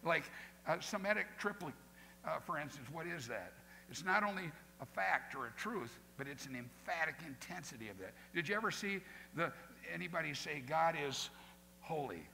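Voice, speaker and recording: A male pastor preaching a sermon with lively asides, acting out quoted voices. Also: a little high, normal speed, creaky. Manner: animated, acts out quoted voices, folksy asides. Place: church sanctuary. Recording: long hall reverb, faint noise.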